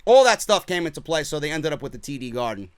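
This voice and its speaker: A man's voice: on the high side, big pitch swings, quick pace, smooth, no echo, studio quality. A man with a New York accent hosting a wrestling podcast, ranting with sarcastic, profane commentary. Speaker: podcast host.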